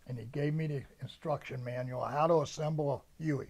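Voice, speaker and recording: A man's voice: medium pitch, steady tone, fairly quick, vocal fry, darkish tone. An older American man, a veteran, recalling his service in a rambling, storytelling way and acting out the orders he was given. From United States. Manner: storytelling, acts out the sergeants' orders. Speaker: veteran interviewee. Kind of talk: oral history recollection.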